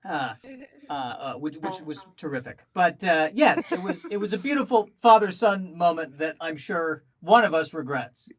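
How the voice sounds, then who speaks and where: A man doing a stand-up comedy set, telling animated stories with self-deprecating asides, performing remotely over a video call. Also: on the high side, moderate pace.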